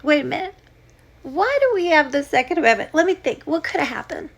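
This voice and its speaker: With a high, creaky voice that's animated and brisk, a young American podcast host delivers a combative, sarcastic comedy rant right at the people listening.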